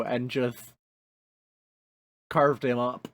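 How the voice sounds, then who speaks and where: A male podcast co-host chatting casually about video games. His voice sits at an ordinary middle pitch. He rambles through stories, restarts his sentences often and swears freely. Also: slow pace. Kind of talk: casual chat.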